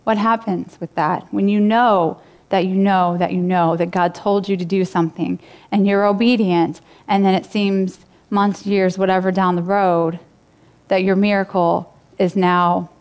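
A woman's voice: mid-range voice, a little mellow. A woman pastor giving a sermon in a casual, conversational way, retelling a story and speaking to her church. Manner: casual, conversational preaching with fillers.

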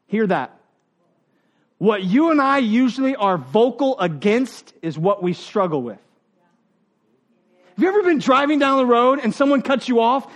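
His voice is very high. He's a pastor giving a sermon, joking around with plenty of energy, voicing the characters he quotes and laughing together with the people in the pews.

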